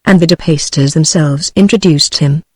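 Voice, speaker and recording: A synthetic woman's voice with a British accent, reading the lines of a prim, gentle elderly aunt in a text-to-speech audiobook. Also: sits low, moderate pace, breathy edge, no room sound, studio quality. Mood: mild. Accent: British English.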